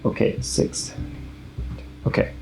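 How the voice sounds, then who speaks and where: A man narrating as game master of a tabletop game, easygoing, laughing often and explaining the rules patiently. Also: slow. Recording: echoey room with faint music.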